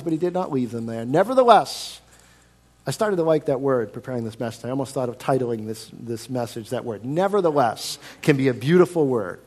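Expressive man preaching a sermon. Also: mid-range voice, normal speed. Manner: expressive, swings between loud emphasis and quiet hushed lines; rhetorical questions to the congregation. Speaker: pastor.

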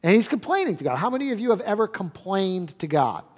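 A man preaching a sermon as pastor, animated and rising to loud emphasis. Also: sits high, fast, long reverb tail. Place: church sanctuary.

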